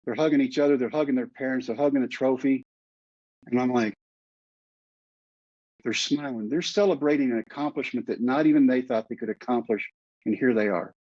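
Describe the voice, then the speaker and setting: Earnest husky man telling a story. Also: mid-range voice, fairly quick, pauses often, darkish tone, no echo, dull audio. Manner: earnest, heartfelt storyteller, repeats phrases for emphasis. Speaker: guest. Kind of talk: storytelling in a podcast interview.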